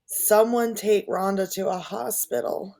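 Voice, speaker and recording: A woman speaks slowly and bluntly in casual podcast chat, laughing along with the jokes. Her voice sits at an ordinary pitch. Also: fairly even intonation, gravelly, mellow. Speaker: podcast co-host.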